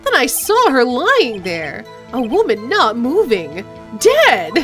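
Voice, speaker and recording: A woman's voice: fairly high pitch, huge pitch swings, slow, fairly bright tone, faint music behind, exaggerated voice. Woman voicing a jittery newspaper salesman. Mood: dramatic. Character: jittery male newspaper seller witness. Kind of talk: game voice-over.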